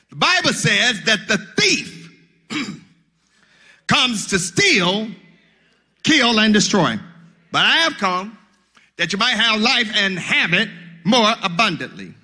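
A man preaching a sermon as pastor, building to shouted, sung calls. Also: high-pitched, breathy edge.

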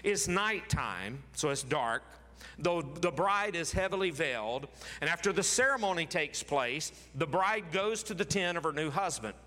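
A man's voice: on the high side, lively intonation, normal speed, pushed and bright, long reverb tail. A man preaching a sermon, reading scripture aloud dramatically and repeating phrases for emphasis. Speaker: pastor.

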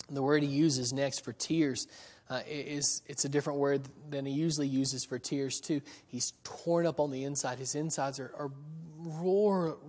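A man preaches a sermon with an earnest, searching delivery, often pausing and doubling back on words as he builds toward a point. His voice sits a little higher than most men's. It rings out with a long reverb, as if in a church sanctuary. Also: a little mellow.

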